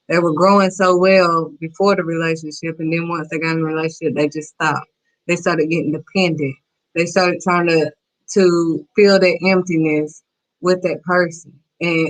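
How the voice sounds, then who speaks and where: A woman's voice: low voice, rough recording. A woman hosting a faith-based talk show, giving blunt, emphatic, preachy advice. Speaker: host.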